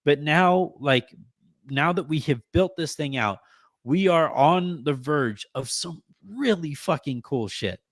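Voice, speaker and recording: A man in his thirties hosting a sports podcast from home, holding back tears as he gives a rambling, halting thank-you full of restarts and fillers. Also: a little high, lively intonation, dry recording. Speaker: podcast host.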